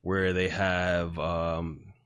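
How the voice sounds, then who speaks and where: A man's voice: low-pitched, little pitch movement, very slow, fairly bright tone, clear, resonant tone, no room sound. A man co-hosting a podcast, telling rambling stories in casual banter and laughing at himself. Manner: laid-back, rambling storyteller, laughs at himself. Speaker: podcast co-host.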